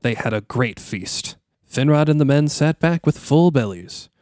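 A man's voice: mid-range voice, expressive, measured pace, a little mellow, dry recording, clean studio sound. A man with a Midwestern accent co-hosting a podcast, telling a story loosely and asking curious questions. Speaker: podcast co-host. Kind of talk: casual chat and retelling.

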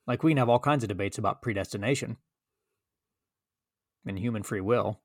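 A man's voice: lowish voice, brisk, a little mellow, no room sound, studio quality. Earnest man talking philosophy. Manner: earnest, emphatic, restarts often. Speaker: podcast co-host. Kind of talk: casual philosophical discussion.

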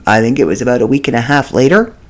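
A woman from Canada hosting a podcast from her home studio, telling a story in a casual, animated way and laughing often. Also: extremely low pitch, quick pace. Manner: animated, laughs often, acts out quoted voices. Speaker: podcast host.

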